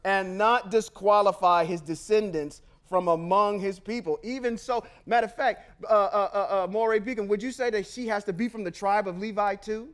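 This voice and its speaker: A man with a notably high speaking voice hosts a religious podcast. He reads scripture aloud, then shifts into emphatic, confrontational commentary peppered with slang. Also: fairly even intonation, moderate pace, few pauses, smooth. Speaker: podcast host. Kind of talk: scripture reading with casual commentary.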